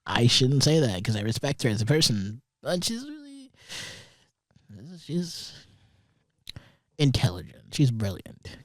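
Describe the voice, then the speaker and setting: A man's voice: mid-range voice, sing-song, a little slow, long pauses, no room sound, studio quality. Rambling, foul-mouthed young man. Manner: rambling, profane, sarcastic asides. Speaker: podcast host. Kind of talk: casual solo commentary. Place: recording studio.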